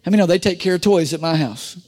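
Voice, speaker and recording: This middle-aged male pastor talks fast in a high-sitting voice as he preaches. He calls on the congregation for amens, lurching from loud pushes into quiet asides.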